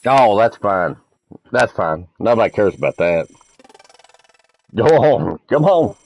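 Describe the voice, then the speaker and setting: A man's voice: lowish voice, sing-song, takes it slowly, a little mellow, no room sound. A man streaming a multiplayer game, chatting casually and crudely with friends, telling rambling stories and teasing them. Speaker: gaming streamer.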